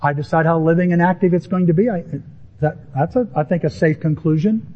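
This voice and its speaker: Emphatic husky man preaching a sermon. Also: fairly quick. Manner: animated, emphatic preaching with rising pitch on key words. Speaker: pastor. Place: church sanctuary with a congregation. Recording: dull, lo-fi sermon audio.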